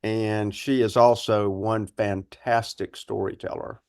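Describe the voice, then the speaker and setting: A man's voice: on the low side, little pitch movement, slow pace, a little mellow, smooth, no room sound, clean studio sound. A man co-hosting a podcast, making brief, supportive remarks in casual chat. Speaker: podcast co-host.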